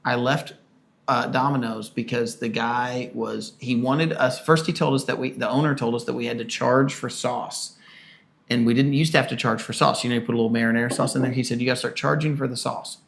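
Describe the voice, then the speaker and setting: A man in his early forties, a podcast co-host, telling a work story in a casual, animated way and acting out the people in it. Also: medium pitch, brisk, vocal fry, slight background noise. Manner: animated storyteller, acts out quoted people loudly.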